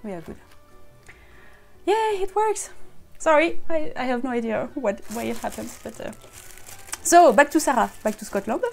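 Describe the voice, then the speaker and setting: A French woman with a French accent chatting excitedly to herself during a casual live stream, slipping between English and French. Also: on the high side, brisk, creaky, soft background music. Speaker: costume maker streaming live. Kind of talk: casual live-stream chat while unboxing.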